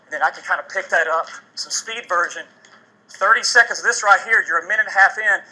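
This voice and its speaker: A high, bright, husky man's voice calls out moves while exercising in a TV studio. He coaches with energy and gets winded as he goes. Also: fast talker, rough recording. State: out of breath. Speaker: fitness trainer. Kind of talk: demonstrating a workout on a TV segment.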